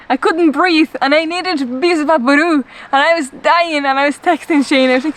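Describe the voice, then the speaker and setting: A woman's voice: high-pitched, normal speed, hardly any pauses. A Spanish woman in her thirties whose English carries a mix of Spanish and Irish accent, chatting and laughing through stories outside a camper van. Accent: mixed Spanish and Irish. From Spain. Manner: giggly, animated storytelling. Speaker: vlogger. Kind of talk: casual chat. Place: outdoors beside a camper van.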